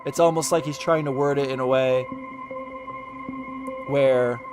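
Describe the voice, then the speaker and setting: Music runs behind this male commentary YouTuber as he reads legal wording in a casual reaction video, frustrated, tripping over lines and cursing. He talks a little slowly, with a steady tone and a mid-range pitch.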